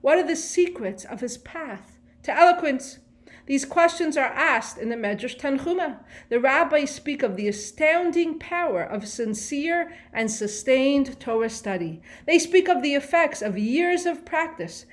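A woman's voice: high voice, expressive, measured pace. A woman giving a Torah lesson on the weekly portion. She asks rhetorical questions and translates Hebrew phrases line by line. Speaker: Torah teacher.

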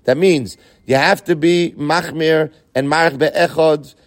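A man's voice: a little high, steady tone, a little slow, dry recording, clean studio sound. A man teaching a Talmud lesson with an Ashkenazi yeshiva pronunciation, chanting the Aramaic text and then explaining it in English. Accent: Yeshivish Ashkenazi Hebrew pronunciation.

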